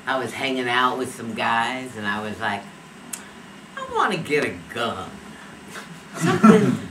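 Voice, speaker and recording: An actress playing a streetwise young woman in a stage monologue, animated and laughing as she acts out the people in her story. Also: a bass voice, far from the mic, heavily acted. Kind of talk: stage monologue based on an interview. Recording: echoey stage recorded from afar, steady noise.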